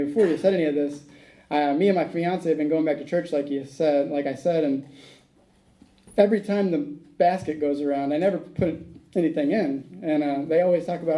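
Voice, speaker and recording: A man's voice: fairly high pitch, fairly even intonation, brisk, mellow, low-quality recording. A man speaking at a recovery meeting, telling a rambling personal story, acting out the dialogue and laughing at his own tale.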